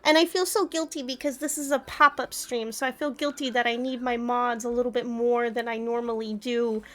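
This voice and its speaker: A woman's voice: a little high, fairly even intonation, brisk. A woman streamer chatting casually with her live audience, flustered and giggling often. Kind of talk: casual livestream chat.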